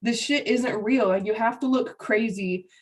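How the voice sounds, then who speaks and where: A woman guest in a casual conversation, talking fast with plenty of swearing and frequent laughter. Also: on the high side, recorded from a distance. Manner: fast, profanity-laced and laughing often. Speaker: podcast guest, psychic medium.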